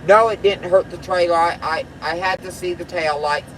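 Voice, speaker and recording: A woman's voice: lowish voice, fairly even intonation, normal speed, slight background noise, rough recording. A woman truck driver chatting on a live stream, blunt and profane, rambling from one topic to the next. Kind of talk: casual live-stream chat.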